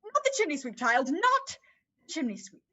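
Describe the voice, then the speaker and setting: A woman's voice: high-pitched, wildly swooping pitch, moderate pace, bright, forceful tone, heavily acted. A woman voicing a flustered, fussing mother in an amateur online play reading, evasive and bustling. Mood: teasing. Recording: dull lo-fi sound.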